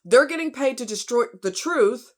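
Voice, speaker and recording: A woman's voice: fairly high pitch, expressive, normal speed, darkish tone. A woman hosting a casual true crime vlog, talking bluntly and heatedly to her viewers. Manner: blunt, outspoken, fired-up; talks to viewers as y'all and honey.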